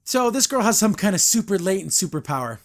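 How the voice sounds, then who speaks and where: A man's voice: sits high, big pitch swings, fast. A man hosting a podcast, giving a casual, blunt and critical review of a cartoon episode. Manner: retells scenes, briefly imitating characters.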